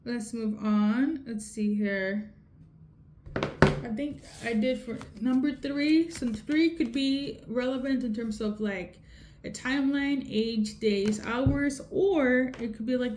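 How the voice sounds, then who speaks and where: A woman's voice: a little high, takes it slowly, a little mellow. A woman giving a casual tarot reading, talking straight to viewers and checking in with a frequent "okay?". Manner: repeats "okay?" often, conversational. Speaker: tarot reader. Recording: echoey room with faint noise.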